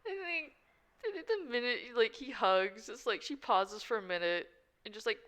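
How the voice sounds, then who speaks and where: A woman's voice: fairly high pitch, expressive, normal speed, fairly bright tone. A woman narrating her character's actions in a casual roleplay, rambling and giggly. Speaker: roleplay player. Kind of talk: casual collaborative storytelling.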